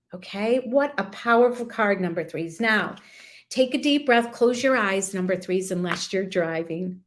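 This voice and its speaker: A woman's voice: medium pitch, lively intonation, measured pace. A woman doing a live angel card reading, speaking to her viewers in a soothing, affirming way. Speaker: intuitive card reader.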